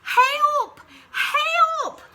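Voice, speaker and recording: A calm, assured storybook elephant that speaks slowly, as a woman reading aloud puts him on. Its cries for help shoot very high and bright. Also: breathy edge, heavily acted. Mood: panicked. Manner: slow and assured, then trumpeting for help. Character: big unworried elephant.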